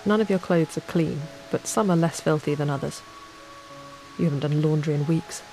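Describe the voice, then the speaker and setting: Gravelly woman telling a calm bedtime story. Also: sits low. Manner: slow, calm, second-person telling. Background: soft ambient music.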